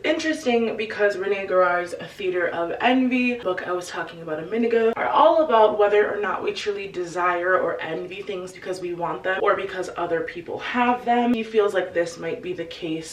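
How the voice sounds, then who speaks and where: A woman casually retelling a book's plot to her viewers in a chatty, animated way, full of "like"s and an occasional curse word. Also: on the low side, far from the mic. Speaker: book recap video host. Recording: echoey room, voice away from the mic.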